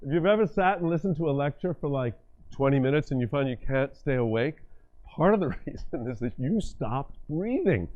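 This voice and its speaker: A middle-aged man giving a live talk, leading the audience through exercises in an animated, directive way. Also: fairly high pitch, brisk. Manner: animated, directive, demonstrates states with his voice and body. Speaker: workshop speaker and communication coach. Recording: dull lo-fi lecture recording.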